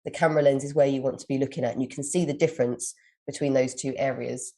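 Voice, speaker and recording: A British woman with a low-pitched voice hosts a live advice session as a communication coach. She reads listeners' questions aloud and answers each with long, encouraging explanations. She sounds like a young adult, talking on a webcam-style stream. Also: steady tone, fast talker, warm tone.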